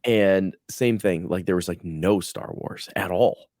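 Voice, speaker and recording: A man co-hosting a podcast in casual chat, expressive and quick to jump into quoted voices. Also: no room sound, clean studio sound. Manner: expressive, pitch jumps when quoting others. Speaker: podcast co-host.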